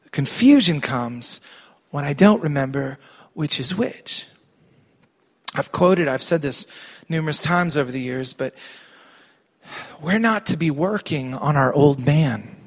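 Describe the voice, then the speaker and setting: A man's voice: on the high side, animated, unhurried, long pauses. A middle-aged male pastor preaching a sermon in church, emphatic and calling on the congregation to respond.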